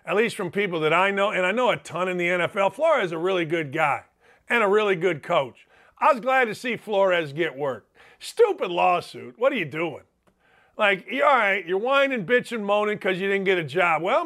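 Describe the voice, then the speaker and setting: Man, sports talk host, sarcastic rant, swears freely, high voice, sharp edge. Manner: ranting, profane and sarcastic. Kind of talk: opinionated podcast monologue.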